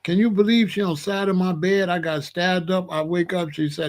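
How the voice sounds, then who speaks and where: Animated man telling a comic story. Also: sits high, normal speed, hardly any pauses. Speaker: show host.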